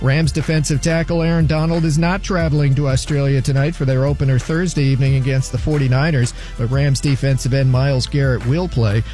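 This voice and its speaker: A man reading a scripted sports news update in a brisk, newsy way. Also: mid-range voice, warm tone.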